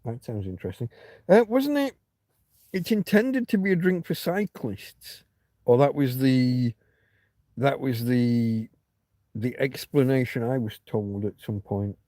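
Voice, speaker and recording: A man's voice: medium pitch, expressive, measured pace, dark tone, no echo, studio quality. A middle-aged man hosting a livestream, talking in a loose, rambling way, often breaking off and restarting, with casual swearing. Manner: chatty, self-interrupting, swears casually. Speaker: livestream host.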